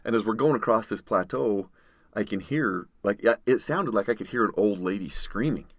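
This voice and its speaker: Low-voiced man telling a story. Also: normal speed, no room sound, clean studio sound. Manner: vivid storyteller, acts out others' shouting. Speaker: podcast guest. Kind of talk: storytelling in conversation.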